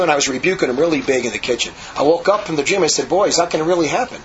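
A man with a high voice rushes through a rambling story, repeating himself and restarting sentences as he goes. He talks like a monk remembering life at his monastery. The recording is slightly muffled, with a faint hum behind him. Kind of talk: casual storytelling.

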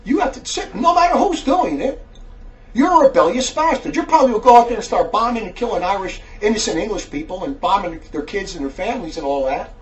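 A man's voice: sits high, animated, fast, distant mic. A man giving an angry, preachy monologue aimed at a viewer, scolding him and repeating taunts. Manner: berating, preachy, repeats taunts like "buddy boy". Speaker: religious commentator.

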